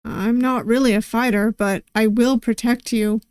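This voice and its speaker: A woman voicing a gentle, shy male pirate crewman in a put-on Russian accent. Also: very high voice, steady tone, normal speed, clear, resonant tone, no room sound. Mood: earnest.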